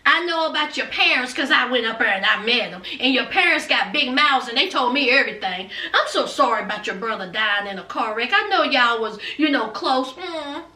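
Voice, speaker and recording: A woman's voice: a little high, animated, fairly quick, few pauses, pushed and bright. A woman voicing a scheming, threatening well-off mother who speaks in a condescending, taunting way. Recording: roomy, distant from mic.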